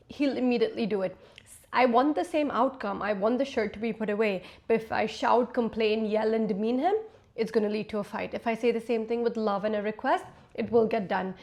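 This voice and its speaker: A woman in her twenties, a lifestyle vlogger, talks a little fast in a somewhat high, slightly mellow voice. She's giving casual, straight-talking life advice to camera like a big sister.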